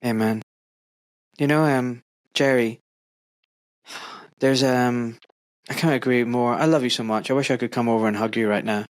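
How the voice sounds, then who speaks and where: A middle-aged Glaswegian man hosts a podcast in a dry, close recording. He talks in an earnest, effusive way, wandering through his thoughts with fillers. His pitch sits in the middle range. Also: fairly even intonation, normal speed, pauses often, no room sound. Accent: Glaswegian Scottish. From Scotland. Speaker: podcast host. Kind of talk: warm conversational interview.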